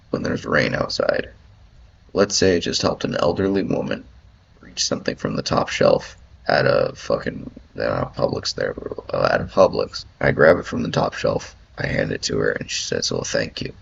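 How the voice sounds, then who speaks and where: A man's voice: extremely low pitch, sing-song, moderate pace, gravelly, breathy edge. A man ranting in rambling commentary as he reads an article aloud, swearing often and filling his talk with "like". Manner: rambling, profane, lots of "like" fillers. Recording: dull lo-fi audio.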